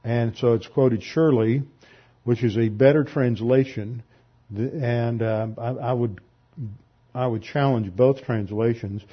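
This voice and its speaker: A man's voice: mid-range voice, unhurried, breathy edge, highs cut off. A man giving a methodical classroom lecture on scripture, explaining the grammar step by step. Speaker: Bible teacher.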